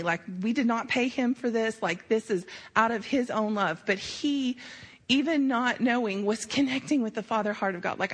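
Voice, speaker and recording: A woman's voice: fairly high pitch, slightly rough. A woman sharing a church mission trip testimony in a casual, emotional way, with lots of fillers. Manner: emotional, filler-heavy storytelling.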